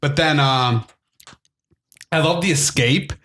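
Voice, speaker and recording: A man's voice: on the high side, takes it slowly, fairly bright tone, slight background noise. Rambling man retelling a movie scene. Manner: rambling, acts out movie lines in funny voices. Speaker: podcast co-host. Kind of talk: casual movie review chat.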